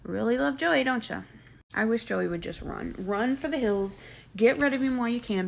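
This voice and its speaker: A woman's voice: fairly high pitch, normal speed, gravelly. A woman, casually recapping a reality show, chatty and sarcastic, acting out what people said. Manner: chatty, sarcastic, acts out quotes.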